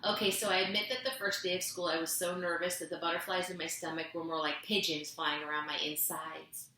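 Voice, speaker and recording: A woman reading a children's novel aloud, gently narrating and lifting her voice for the characters. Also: fairly even intonation, brisk, slight background noise. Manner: gentle storytelling, voicing characters with raised pitch. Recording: echoey room.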